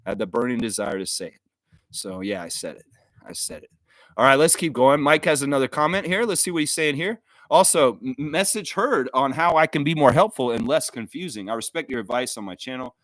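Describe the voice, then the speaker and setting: A man's voice: medium pitch, lively intonation, fairly quick, a bit bright, no room sound. Earnest, emotional man on a dry mic. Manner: earnest, heartfelt, apologetic, many restarts. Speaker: host of a basketball fan live stream. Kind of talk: unscripted live stream monologue.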